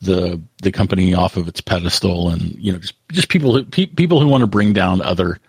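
A man co-hosting a casual tech podcast, talking in a halting way with frequent restarts. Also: deep voice, slightly rough, no echo. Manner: halting, full of restarts, reads out quotes. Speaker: podcast co-host.

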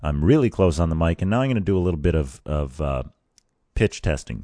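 A man's voice: extremely low pitch, big pitch swings, a little fast, dark tone, no echo. A man hosting a podcast and testing microphones, talking casually in a rambling, self-correcting way, right up on a studio mic with a pop filter. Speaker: podcast host. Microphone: studio microphone, very close with pop filter.

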